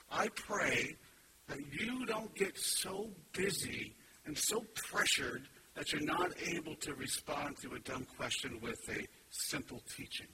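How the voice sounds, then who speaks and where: Preacher, man, 50s: quick, chatty, sarcastic, higher voice, far from the mic over loud noise. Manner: quick, conversational storytelling with sarcastic humor. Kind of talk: sermon.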